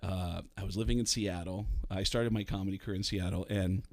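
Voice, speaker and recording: A man from the Bronx, a comedian and voice actor, telling stories as a radio guest in a lively way, slipping into voices. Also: low-pitched, fairly quick. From the Bronx, New York. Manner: animated storyteller, slips into voices. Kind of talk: casual radio interview storytelling.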